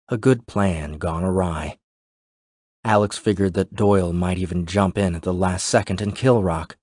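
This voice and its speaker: A man reads a thriller in a measured, steady voice. His tone is very low and the recording is dry and close, with no room around it. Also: slightly rough, no room sound. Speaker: audiobook narrator. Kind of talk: scripted thriller narration.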